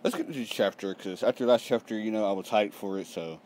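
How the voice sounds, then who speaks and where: Young male vlogger, deep-voiced, tired, casual and profane, reacting live over faint background noise. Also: fast. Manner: profane, excitable, reads panels aloud. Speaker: manga reaction channel host.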